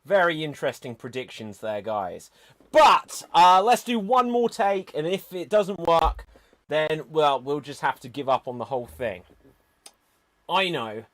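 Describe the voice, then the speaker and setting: A man's voice: on the high side, expressive, a little slow, a bit bright. A man playing an exasperated director in an improv comedy show, bossy and dramatic as he stops and restarts scenes. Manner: exasperated, bossy director, calls "cut" and "action".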